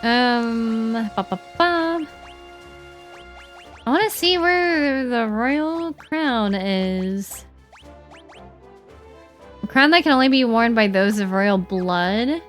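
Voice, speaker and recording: A young woman chatting casually while streaming a game, animated and giggly, with lots of "like" fillers. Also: on the high side, slow pace, faint music behind.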